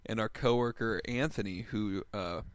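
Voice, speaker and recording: A man's voice: on the low side, moderate pace, dry recording. Rambling, swearing young man telling a story. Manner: rambling, swears a lot, fillers like "like" and "you know". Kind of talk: casual storytelling chat.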